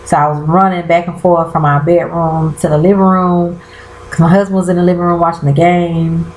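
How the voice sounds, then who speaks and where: Animated woman, echoey bedroom vlog. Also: lowish voice, a little fast, a little hiss or hum. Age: 30s. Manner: animated, exclaiming, addresses viewers as y'all. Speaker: vlogger. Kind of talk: casual chat recapping a TV episode. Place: bedroom at home.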